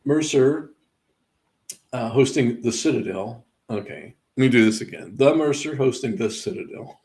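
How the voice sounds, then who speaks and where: A man's voice: medium pitch, expressive, normal speed, creaky, a little mellow, rough recording. A man hosting a live sports betting show, casually running through game results with wry asides and laughing at his own missed picks.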